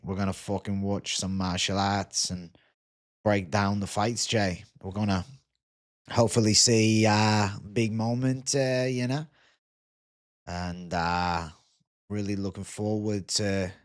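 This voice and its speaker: Guy putting on a rowdy aussie fight fan, lowish voice, rambly and hyped. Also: lightly acted. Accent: put-on Australian. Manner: loose, rambling hype with "mate" and fillers. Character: brash adult male Australian fight fan.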